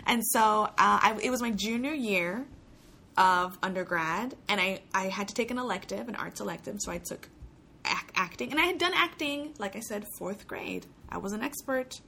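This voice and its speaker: A woman's voice: medium pitch, expressive, normal speed, creaky, pushed and bright, slight background noise. A young woman from Puerto Rico, a guest in a casual interview, telling stories chattily with frequent laughs and restarts. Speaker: guest, actor.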